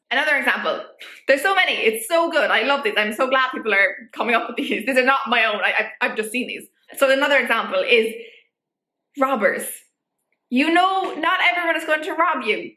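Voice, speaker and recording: A young woman vlogger making her case in an animated, rhetorical way, with many fillers. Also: high voice. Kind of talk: opinion vlog. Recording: echoey room.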